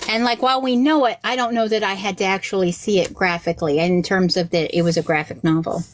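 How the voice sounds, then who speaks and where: A woman chatting casually on a podcast, an animated storyteller who acts out the voices she quotes and swears freely. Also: mid-range voice, fast. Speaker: rabbi and podcast guest.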